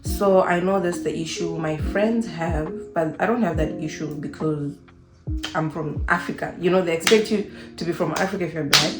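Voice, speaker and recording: A young woman from Zimbabwe talking casually to camera in an unscripted vlog, animated and acting out the voices of people she quotes. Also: deep voice, normal speed, roomy sound, music in the background. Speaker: vlogger.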